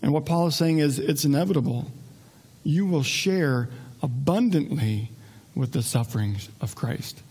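A man's voice: fairly high pitch, animated, unhurried, darkish tone, slightly rough. A man preaching a sermon as a pastor, conversational and joking, often restarting his sentences.

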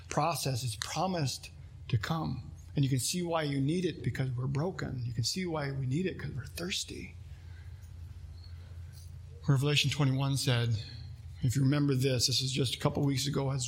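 A man's voice: medium pitch, steady tone, normal speed, gravelly, breathy edge. A man preaching a sermon as pastor, earnest, reading scripture aloud and asking his listeners questions.

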